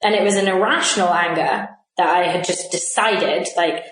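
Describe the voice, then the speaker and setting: A woman's voice: on the low side, moderate pace, fairly bright tone. Reflective English woman in an echoey room. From London. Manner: reflective, talks in long winding sentences. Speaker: podcast co-host. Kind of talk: casual conversation. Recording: echoey room, faint noise.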